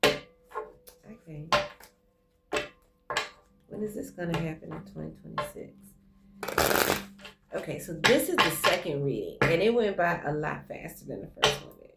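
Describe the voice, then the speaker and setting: A woman's voice: low-pitched, lively intonation, unhurried, pauses often, very noisy. A woman giving a casual online tarot reading, effusive and speaking straight to the viewer. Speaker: tarot reader. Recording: music playing clearly behind her voice.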